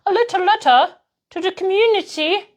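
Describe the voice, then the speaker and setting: A woman putting on a jokey Scottish accent, playing a prim, silly Scottish lady in a high, exaggerated lilt. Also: normal speed. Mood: hammy. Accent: put-on Scottish. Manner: playful, hamming it up.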